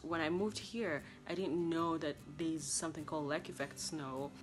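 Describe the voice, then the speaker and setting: A young woman from Kenya with a Kenyan accent, a college student chatting to camera in a lively way about life abroad. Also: sits low, normal speed, faint music behind. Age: young adult. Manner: chatty and expressive, acting out past conversations. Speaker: international college student vlogger. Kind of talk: casual vlog talk to camera.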